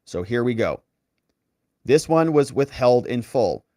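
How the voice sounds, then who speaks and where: A man's voice: mid-range voice, big pitch swings, a little slow, dark tone, dry recording. Guy reading through documents on his channel, sarcastic, mid voice, dead dry room. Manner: sarcastic, incredulous asides. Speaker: legal commentary host. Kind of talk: online political commentary.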